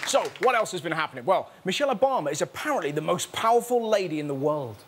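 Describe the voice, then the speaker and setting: Sarcastic, lively comedy host. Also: male voice, high-pitched, fast, crowd noise, noisy background. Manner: sarcastic, animated. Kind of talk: stand-up style topical comedy.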